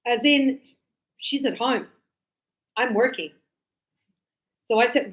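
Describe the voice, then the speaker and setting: Animated high-voiced woman teacher. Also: unhurried, pauses often. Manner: animated, acts out little dialogues. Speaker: English teacher. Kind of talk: lively teaching explanation with acted examples.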